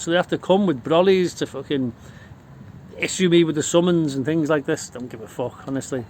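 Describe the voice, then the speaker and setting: A man's voice: on the high side, fast, darkish tone, slight background noise. A middle-aged man with a Liverpool accent telling rowdy, boastful stories in casual talk, swearing constantly. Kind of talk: casual storytelling.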